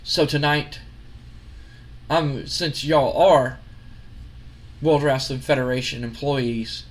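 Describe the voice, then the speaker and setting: Man putting on an enraged older male wrestling owner, confrontational, threatening, mid-pitched. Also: close to an everyday voice. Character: furious older male wrestling boss demanding revenge.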